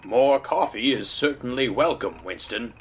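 A man's voice: mid-range voice, lively intonation, a little slow, slight background noise, natural voice. A man voicing a stout, blustery railway director who speaks in an indignant, formal way.

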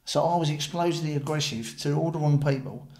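A fairly high-pitched man with a gravelly, creaky voice. He tells his recovery story bluntly and with feeling, often restarting mid-sentence. He sounds like a guest in a candid conversation. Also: quick pace, darkish tone. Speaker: podcast guest.

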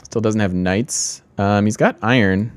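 A man's voice: lowish voice, a little slow, no room sound. A man hosting a strategy game let's play, thinking aloud in casual commentary, often laughing at himself.

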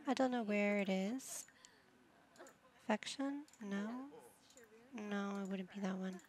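A woman's voice: mid-range voice, a little slow, long pauses, darkish tone. A woman gaming YouTuber giving chatty let's play commentary, narrating each move she picks. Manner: chatty, narrating her own game moves.

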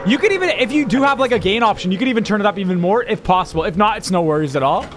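Upbeat high-voiced male streamer. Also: animated, background noise. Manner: upbeat, chatty, quick callouts. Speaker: streamer host. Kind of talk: casual gaming livestream chat.

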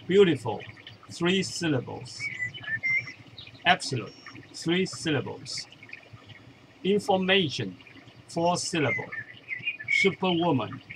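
A male language teacher, a Cantonese speaker, explaining a point slowly and methodically in English, counting out examples one by one. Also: fairly high pitch, fairly bright tone, a little hiss or hum, low-quality recording. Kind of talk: explanatory lesson.

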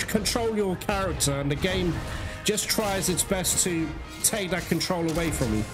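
A man's voice: high voice, normal speed. A man giving let's play commentary, getting frustrated, swearing and apologizing to his viewers. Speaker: gaming streamer. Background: loud game music.

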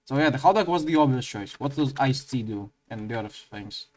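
A man giving crude, swear-heavy commentary while playing a game, often breaking into high laughing outbursts. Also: animated, fairly quick. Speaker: let's play gamer.

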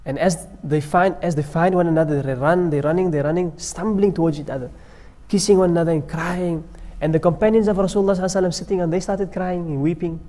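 A man's voice: on the high side, fairly even intonation, quick pace, few pauses, dark tone. A man giving a Ramadan sermon as a sheikh, telling stories and reciting Arabic phrases, in a mosque hall. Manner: storytelling preacher, mixing in Arabic recitation. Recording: long echo of a mosque hall.

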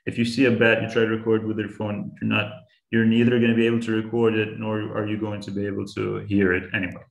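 Male science teacher for kids, low gravelly voice, patient and plain, echoey room. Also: monotone, fast talker. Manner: patient, simple examples, frequent restarts. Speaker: science educator. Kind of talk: explaining to young students.

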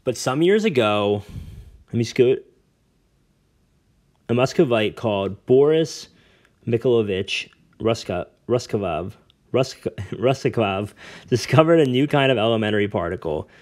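A man reading the part of a cool, aloof nobleman who explains things calmly and at length. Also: medium pitch, measured pace, long pauses, close to an everyday voice. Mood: calm, explaining. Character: cool, aloof nobleman father, calm and lecturing.

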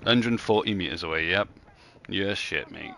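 A man's voice: sits low, normal speed, vocal fry, pushed and bright. A man streaming a shooter game live, swearing and bantering casually with a teammate. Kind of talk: casual gaming commentary. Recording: gameplay noise behind.

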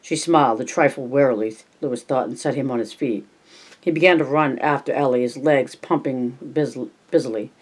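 Home audiobook reader, unpolished, middle pitch, plain reading with restarts. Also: moderate pace, slightly rough.

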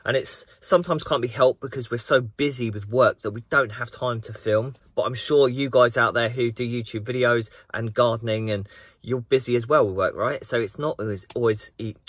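A chatty man in his thirties talks to a tripod camera from a big garden. He tells his tale with animated energy, in a mid-pitched voice. The sound is dry, with no room around it. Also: normal speed, husky, dry recording. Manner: chatty and animated, acts out the story. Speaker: gardening vlogger. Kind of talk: casual vlog to camera. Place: outdoors in a large garden.

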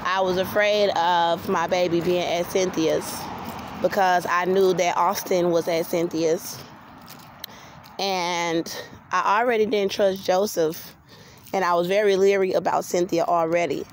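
A woman's voice: fairly low pitch, fairly even intonation, measured pace. Blunt woman talking on a noisy trail. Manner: blunt, outspoken, talks while walking. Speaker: vlogger giving a personal testimony. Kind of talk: casual spoken testimony. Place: outdoor walking trail near a road. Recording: outdoor phone recording with traffic noise. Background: passing vehicles and outdoor ambience.

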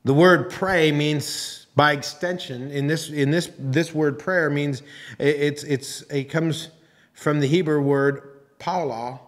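A man preaching a sermon as pastor, talking in a conversational, halting way with restarts and teasing asides. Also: on the high side, steady tone. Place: church sanctuary.

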